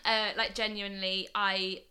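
A young woman from England in casual podcast chat, thoughtful and often trailing into soft, quiet asides. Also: medium pitch, level tone, measured pace. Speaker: podcast co-host.

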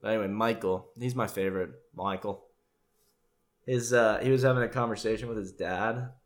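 Brief: male commentator, low voice, loose and sarcastic, casual reaction talk. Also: steady tone, a little fast. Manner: rambling, sarcastic, swears freely.

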